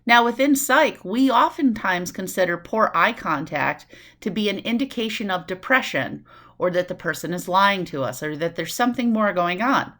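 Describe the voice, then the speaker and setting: A woman from New City, giving a recorded nursing lecture in a lively way, acting out quick voices and asides. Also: medium pitch. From New York City. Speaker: nursing instructor.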